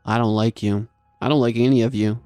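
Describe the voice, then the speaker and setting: A man's voice: medium pitch, fairly even intonation, a little fast, dark tone, smooth, no echo, faint music behind, lightly acted. A man voicing a spiteful monstrous male creature that screeches, spits and talks in broken phrases. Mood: snarling. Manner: screeching, spitting, broken grammar.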